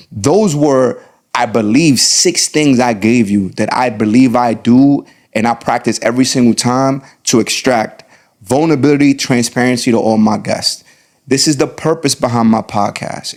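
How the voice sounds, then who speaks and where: A man hosts his own podcast, giving heartfelt advice in a mid-pitched voice. He is earnest and emphatic, and he often repeats a phrase and slows down to let a point land. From the Bronx, New York. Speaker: podcast host. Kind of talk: solo podcast advice talk.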